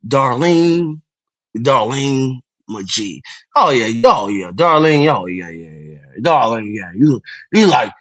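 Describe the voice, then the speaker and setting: A man's voice: medium pitch, no echo. A man hosting a livestream, rambling through crude, joking, teasing chat. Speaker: livestream host.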